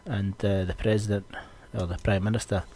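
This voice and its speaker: A young Scottish man hosting a podcast, ranting in a loose, sweary, storytelling way. His voice sits fairly low and has a husky edge. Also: little pitch movement, fairly quick, mellow. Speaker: podcast host. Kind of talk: casual podcast chat.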